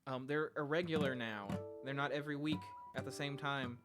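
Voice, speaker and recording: A man's voice: mid-range voice, steady tone, normal speed, music in the background. A man, a podcast host, chatting casually with viewers on a livestream from home, rambling and self-deprecating and often trailing off mid-sentence. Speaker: podcast host streaming live. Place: at home with his dog.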